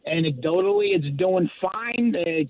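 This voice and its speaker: A man's voice: sits high, animated, a little slow. An older man, a stand-up comedian, telling stories in a radio interview with dry, self-deprecating humor and lots of fillers. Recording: tinny phone line.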